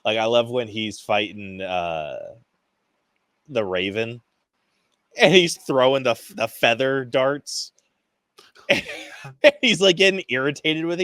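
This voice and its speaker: An excitable man in casual podcast talk about a film, with a mid-pitched voice recorded dry and close. He swears freely, laughs between thoughts and acts out scenes with little quoted voices. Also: unhurried, long pauses, no room sound. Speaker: podcast co-host. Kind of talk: casual movie review chat.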